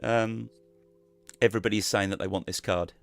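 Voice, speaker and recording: A man's voice: on the low side, steady tone, moderate pace, gravelly, faint music behind. A man chatting casually as a guest on a live stream, rambling and restarting his sentences.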